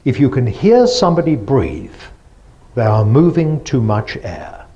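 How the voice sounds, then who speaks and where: A man's voice: medium pitch, sing-song, unhurried, dark tone, muffled recording. A man giving a lecture presentation, explaining step by step and asking the audience rhetorical questions.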